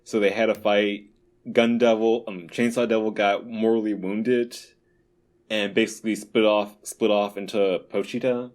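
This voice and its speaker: A young man co-hosts a casual podcast chat in a somewhat low voice. He talks in an animated way and keeps dropping into loud joking voices. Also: normal speed. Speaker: podcast co-host.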